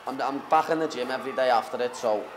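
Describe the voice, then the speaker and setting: A man's voice: mid-range voice, quick pace, noisy background. Cocky young Liverpool man, brash banter. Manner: cocky, banter-heavy, says "lad" constantly. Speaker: MMA fighter. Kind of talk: casual interview.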